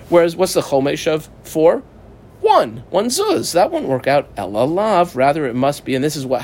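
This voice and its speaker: A man's voice: fairly high pitch, darkish tone, a little hiss or hum. A man teaching a small Talmud class, reading the Aramaic text, translating it phrase by phrase, and asking and answering his own questions as he explains. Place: small study group.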